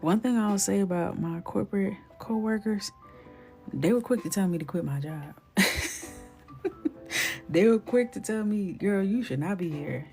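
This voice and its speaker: A woman in her thirties telling stories while she colors on a live stream, chatty and animated, often dropping to a near whisper. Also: mid-range voice, unhurried, pauses often, faint music behind. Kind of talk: casual storytelling while coloring.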